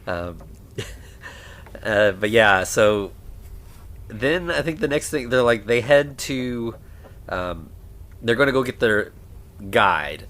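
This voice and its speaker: A man co-hosting a podcast, casually recapping a film and acting out the characters' lines in a lively way. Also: fairly low pitch, slow pace, pauses often. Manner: animated, acts out characters' lines while retelling. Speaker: podcast co-host. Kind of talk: casual movie recap chat.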